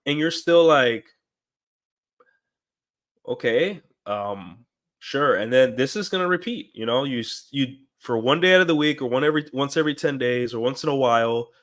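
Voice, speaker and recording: A man streaming alone, talking in a rambling casual monologue with many fillers and quick acted-out quotes. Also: medium pitch, a bit bright.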